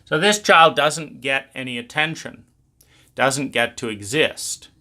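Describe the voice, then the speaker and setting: A man's voice: mid-range voice, unhurried, bright, forceful tone. A man explaining trauma in a blunt, emphatic talk, swearing freely. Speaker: trauma educator.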